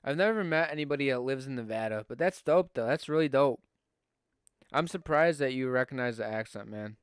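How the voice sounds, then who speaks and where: A man's voice: medium pitch, expressive, a little fast, smooth, no room sound, studio quality. A young man from Buffalo with a Western New York accent, a podcast host doing casual live hockey play-by-play on a stream, chatty with fillers and rising on scoring chances.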